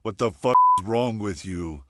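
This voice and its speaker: A woman voicing a big, buff, furious man who shouts and curses at a pharmacy counter. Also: very deep voice, normal speed, slight background noise, voice pushed down. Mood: enraged. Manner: shouting, cursing.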